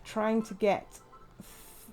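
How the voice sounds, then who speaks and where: An English woman chatting through a gameplay session in a relaxed, rambling way. She talks with plenty of fillers and asides. Faint game music sits under her voice. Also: medium pitch, slow pace. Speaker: let's play host. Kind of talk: casual gameplay commentary.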